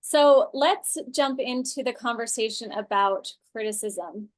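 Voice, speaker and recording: A woman's voice: a little high, a little slow. Chatty woman coach on a video call. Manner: loose and chatty, full of "like" and "um", restarts mid-sentence. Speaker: women's coach leading an online class. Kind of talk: casual teaching talk to a group.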